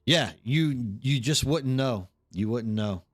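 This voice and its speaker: A man's voice: mid-range voice, animated, slow pace. A man chatting casually on a live stream while gaming, rambling and reacting to chat. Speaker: streamer hosting a watch party.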